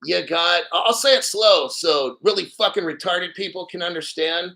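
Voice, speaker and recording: A man's voice: high voice, animated, moderate pace, hardly any pauses, pushed and bright. Profane, combative male crypto host. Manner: profane, combative, mocking viewers. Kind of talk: angry livestream rant.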